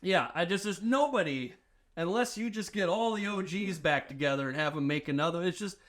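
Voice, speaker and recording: A man in casual podcast chat, animated, acting out quoted dialogue and filling with "like". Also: high-pitched, a little fast. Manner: heavy use of filler "like".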